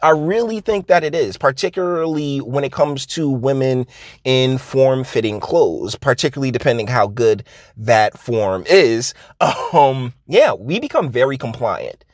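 A man's voice: mid-range voice, animated, a little slow, no room sound, studio quality. A man ranting casually on his vlog, rambling and interrupting himself, laughing often. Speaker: vlogger. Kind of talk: casual comedic rant.

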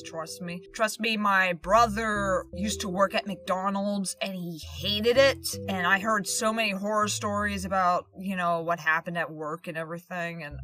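A woman with a boyish-sounding voice telling a personal story in a casual vlog, animated and incredulous, her voice jumping up high in disbelief.

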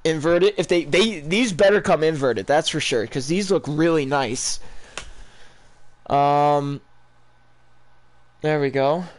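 A young man giving casual, rambling live reactions to video game items, excitable and full of ums. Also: a little high, takes it slowly, pauses often. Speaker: gaming YouTuber.

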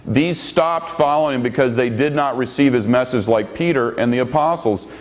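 A man's voice: mid-range voice, moderate pace. A man giving a debate rebuttal, who argues emphatically, repeats his key points and calls for the next slide.

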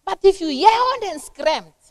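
A middle-aged Kenyan woman leads a church parenting seminar in a high, bright-sitting voice. She teaches in a lively, conversational way, acting out little household scenes. The sound is dry, with almost no room around her. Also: a little slow, no echo. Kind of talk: seminar talk to a church women's group.

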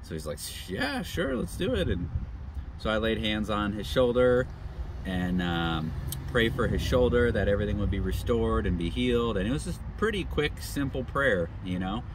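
Lively low-voiced man telling a story. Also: normal speed, noisy background. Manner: animated, rambling with many fillers. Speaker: travel vlogger. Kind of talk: casual faith storytelling.

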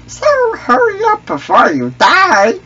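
A man's voice: very high voice, wildly swooping pitch, slow, bright, forceful tone, husky, highs cut off, heavily acted. A young man voicing a goofy, clumsy male alien sidekick in a squawky, cracked voice with broken grammar, taunting other players. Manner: taunting, trash-talking.

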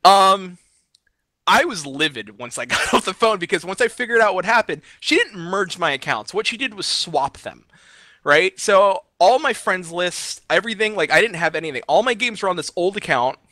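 A man's voice: high voice, moderate pace, no echo. A man co-hosting a gaming podcast, telling a story in casual, exasperated rants broken up by laughter. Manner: animated, exasperated ranting punctuated by laughter. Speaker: podcast co-host.

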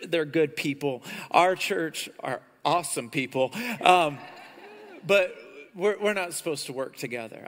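High-voiced, animated preaching pastor. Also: male voice, long reverb tail. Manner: animated preaching, rising loud on key points. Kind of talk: sermon. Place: church sanctuary.

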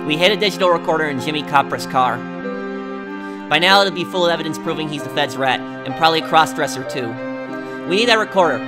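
A man voicing a gruff, scheming middle-aged mafia boss with a put-on New York mobster accent, brash and condescending. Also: a little high, natural voice.

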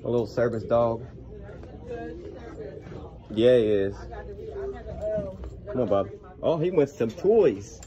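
A man's voice: medium pitch, lively intonation, a little slow, pauses often, a crowd in the background. A man filming a casual vlog inside a discount store, coaxing and praising his puppy with repeated commands. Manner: coaxing dog-directed talk, repeated commands. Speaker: vlogger training his puppy.

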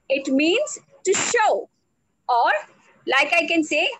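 High-voiced woman trainer. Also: very animated, fairly bright tone, dry recording, low-quality recording. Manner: slow, deliberate, spells out words. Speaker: English language trainer. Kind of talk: online speaking workshop. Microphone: video call.

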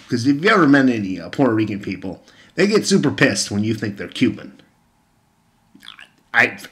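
A young man giving a casual vlog rant on the news, blunt and sarcastic, swearing freely. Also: mid-range voice. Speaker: political commentator.

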